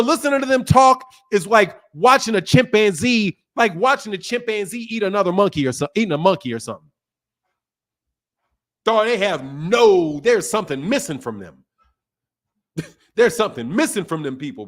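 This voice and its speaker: A fairly high-pitched young man hosts a boxing stream in a heated rant. He repeats his points over and over, swears freely, and jumps between loud, shouted bursts and low, muttered asides. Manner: emphatic, repetitive, profane, swings between loud and quiet. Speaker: boxing channel host.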